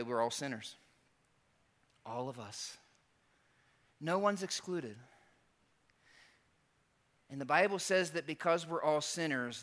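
Bright high-voiced preaching man. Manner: dynamic preaching with rhetorical questions and dramatic pauses; swings between hushed and emphatic. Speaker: pastor. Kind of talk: sermon.

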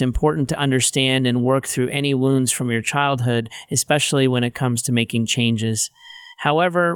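A middle-aged man reading aloud from his Christian teaching book, plainspoken and wry in a steady teaching tone. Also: mid-range voice, smooth, no room sound, studio quality. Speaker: author.

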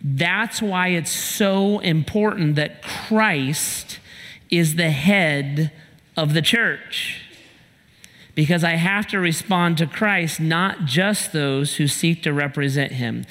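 A man's voice: fairly high pitch, takes it slowly, a bit bright, long reverb tail. A male pastor giving a conversational sermon, asking rhetorical questions and telling personal stories.

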